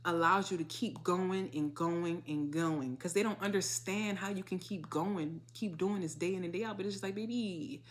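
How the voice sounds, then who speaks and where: A woman doing a casual tarot reading, animated and slangy, swearing freely and throwing in dramatic asides. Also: lowish voice. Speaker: tarot reader.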